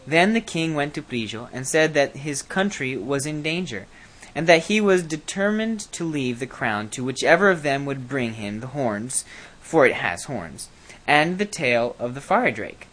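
A storyteller reading a fairy tale aloud, expressive, with small slips and self-corrections. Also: mid-range voice, a little slow.

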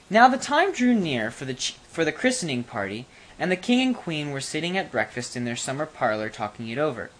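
Storybook narrator, expressive, very lively pitch, reading aloud. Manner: expressive, animated.

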